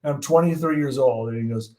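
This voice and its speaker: A man in his sixties from the United States, a guest meteorologist telling animated stories in an interview and acting out the quotes. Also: mid-range voice, fairly quick, rough recording. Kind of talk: storytelling in an interview.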